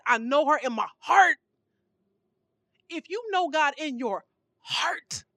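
Woman, sermon, higher voice, emphatic rhetorical questions, dry close sound. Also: no echo. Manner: emphatic, rhetorical questions, animated swings in volume. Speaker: preacher.

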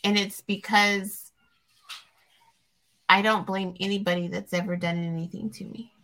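A woman's voice: mid-range voice, steady tone, measured pace, pushed and bright, a little hiss or hum. A woman hosting a podcast interview, rambling and reflective as she tells her stories. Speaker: podcast host. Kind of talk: casual interview chat.

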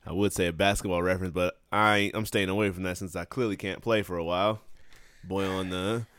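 A man's voice: sits low, fairly even intonation, fairly quick, a bit bright, clean tone, dry recording. A young man co-hosting a casual podcast, joking and punning with a friend and laughing often. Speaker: podcast co-host.

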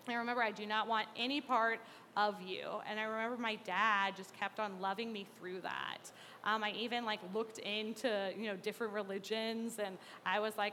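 A woman gives a personal testimony in a bright, forward voice. She speaks earnestly and haltingly, with plenty of fillers. Her words trail off into a long reverb, and there is faint noise behind her. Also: mid-range voice, steady tone. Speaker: speaker sharing a faith testimony.

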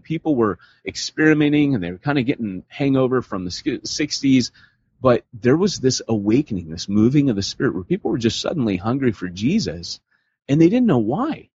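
A man co-hosting a podcast, telling stories in a casual, animated way and slipping into voices for the people he quotes. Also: mid-range voice, a little hiss or hum. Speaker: podcast co-host. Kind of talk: casual storytelling conversation. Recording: dull lo-fi podcast audio.

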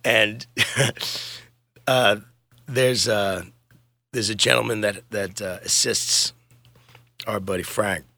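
A middle-aged man telling road stories in a relaxed, rambling way, full of swearing and quick laughs. His voice sits low, gravelly and bright, recorded dry and close. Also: dry recording, soft background music. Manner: laid-back, rambling, swears and laughs often. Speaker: touring musician guest. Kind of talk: casual podcast interview.

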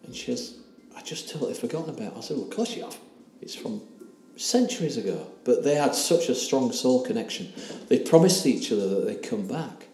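A man's voice: medium pitch, sing-song, mellow. A man, earnestly recounting a personal story as an interview guest. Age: 60s. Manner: earnest, emotional, halting retelling with quoted dialogue. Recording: roomy echo with faint background hiss.

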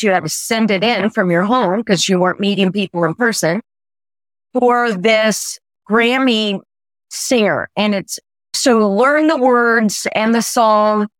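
A woman's voice: mid-range voice, no room sound. Teary woman in her sixties telling a story. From United States. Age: 60s. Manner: effusive, animated storyteller. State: teary, weepy. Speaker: guest. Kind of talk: conversational storytelling.

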